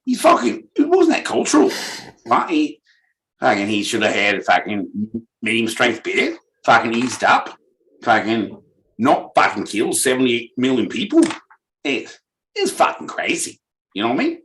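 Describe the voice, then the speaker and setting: A man's voice: medium pitch, wildly swooping pitch, normal speed, a bit bright, slight background noise, voice pushed down, low-quality recording. A man voicing a crude, blunt Australian bloke with an Australian accent who swears constantly.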